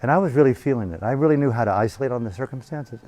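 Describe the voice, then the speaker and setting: Retreat teacher guy telling a story, swears a lot, animated, handheld mic, normal pitch. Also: very fast. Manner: animated, profane, acting out voices. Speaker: meditation teacher. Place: retreat hall. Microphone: handheld microphone.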